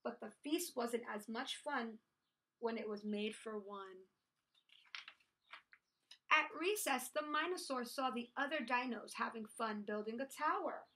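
A woman preschool teacher reading a picture book aloud to children, expressive and sing-song. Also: fairly high pitch, a little slow.

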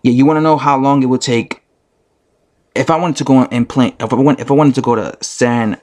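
A man rants on camera, speaking directly to his viewers. He keeps circling back to the same argument with an insistent, repetitive push. His voice sits at an ordinary male pitch. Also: steady tone, a little fast, darkish tone. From United States. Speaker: vlogger. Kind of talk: ranting commentary vlog.

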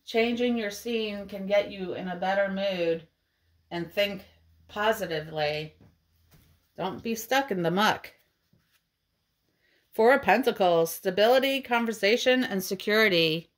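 Female tarot reader, slow measured delivery, gentle and encouraging tone. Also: medium pitch. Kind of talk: tarot card reading for viewers.

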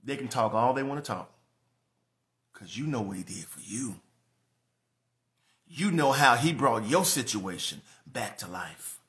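Animated, bright-voiced preaching man. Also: mid-range voice, a little slow, long pauses. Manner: preaching with rising, shouted emphasis and laughter. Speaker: pastor. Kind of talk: sermon.

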